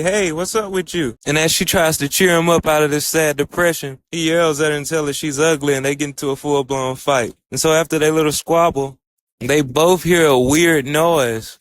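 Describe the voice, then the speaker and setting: A man's voice: a little high, fairly bright tone. A man casually recapping an anime episode in a loose, storytelling way, quoting the characters' lines as he goes. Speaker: anime reviewer.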